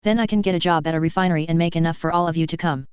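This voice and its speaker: A woman voicing an excited, naive young male alien office worker, low and smooth in a slightly dull recording. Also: racing, no room sound, close to an everyday voice. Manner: excited, bubbly.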